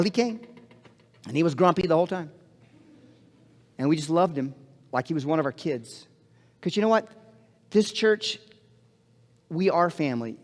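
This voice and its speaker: A male pastor from Alabama preaching a story-filled sermon with lively, acted-out dialogue, then closing in prayer. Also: fairly high pitch. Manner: animated, acts out dialogue, repeats phrases. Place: church auditorium. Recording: long hall reverb.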